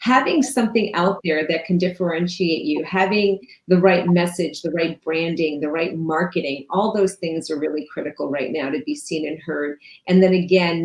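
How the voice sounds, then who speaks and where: A woman in her fifties, a business strategist giving emphatic coaching advice and listing ideas in quick runs. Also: sits low. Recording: echoey room.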